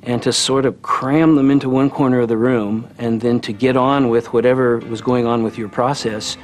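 A man's voice: medium pitch, steady tone, normal speed. Thoughtful man in a documentary interview.

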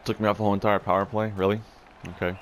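A young man playing a hockey video game, muttering, swearing in frustration and yelling when excited. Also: lowish voice, racing. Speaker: gaming YouTuber. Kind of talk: casual gameplay commentary.

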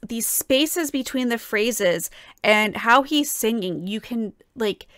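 A woman's voice: medium pitch, fairly bright tone, dry recording, clean studio sound. A young woman flute player reacting to a song, talking with enthusiasm and gushing praise, full of fillers and restarts. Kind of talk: casual reaction and analysis.

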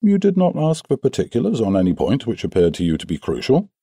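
A man voicing a brisk, sharp-minded male detective in an audiobook, asking pointed questions in a raised voice. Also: mid-range voice, huge pitch swings, breathy edge, dry recording, studio quality, voice pushed up, full character voice. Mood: probing. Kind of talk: audiobook character voice.

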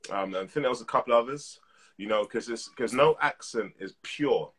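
A man in his thirties, an actor being interviewed over a live video call, talking in a relaxed, reflective way. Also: medium pitch, normal speed, slightly rough. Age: 30s. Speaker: actor guest. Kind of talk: casual interview.

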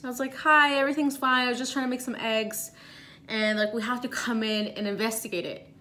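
Speaking straight to the camera, a young woman vlogger recounts a story in a casual, animated way, her tone bright and forceful and her voice a touch high. Tense stretches come out rushed and breathless, thick with filler words.

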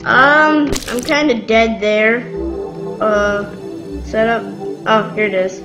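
Young woman squealing thru a fighting game, high voice, takes her time. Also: slow pace, dull audio, music in the background. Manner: excitable, giggly, squealing. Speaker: gamer. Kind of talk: casual gameplay commentary.

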